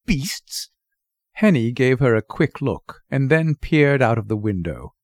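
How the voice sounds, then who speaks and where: A man narrating a short story in an expressive, wry storybook reading. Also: mid-range voice, normal speed, no room sound, studio quality. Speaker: narrator, reader.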